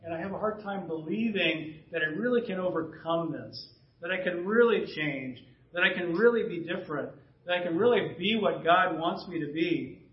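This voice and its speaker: A man preaching a sermon as pastor, conversational and often clearing his throat. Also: high voice, moderate pace. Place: church sanctuary. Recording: distant roomy church recording, dull sound.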